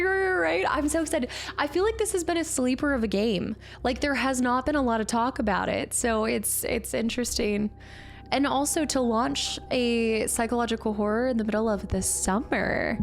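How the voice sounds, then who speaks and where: A woman chatting casually as she streams a game and thanks viewers by name. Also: fairly high pitch. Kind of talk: casual live gameplay commentary.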